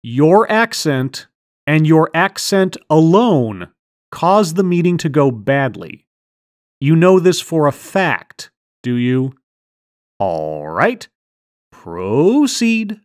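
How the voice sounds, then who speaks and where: A woman's voice: deep voice, expressive, slow, a little mellow, no room sound. A woman hosting a comedy skit in a mock mind-reader persona, talking in a theatrical, dry, sardonic way. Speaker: host.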